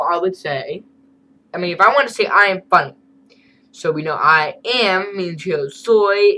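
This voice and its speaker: A man's voice: on the high side, bright, forceful tone, rough recording. A man teaching a beginner Spanish lesson over a screen recording, explaining in a casual, chatty way with asides.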